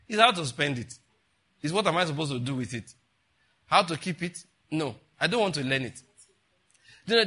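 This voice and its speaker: An older man preaches. His voice is bright and forward but husky, and he keeps turning to the congregation with rhetorical questions. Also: fairly high pitch. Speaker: pastor. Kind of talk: sermon.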